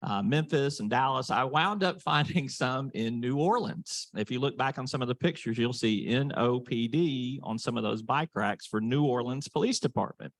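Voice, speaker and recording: A man's voice: mid-range voice, lively intonation, normal speed, few pauses, no echo. A man leads a panel in a meeting room. He tells stories in a loose, folksy way full of fillers. The sound is dry and close. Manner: folksy storyteller with many fillers. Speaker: panel moderator. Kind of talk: casual anecdote and moderating.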